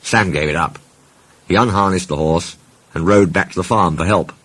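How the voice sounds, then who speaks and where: A man narrating a children's storybook in an expressive, lively way. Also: deep voice, normal speed, husky. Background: soft background music.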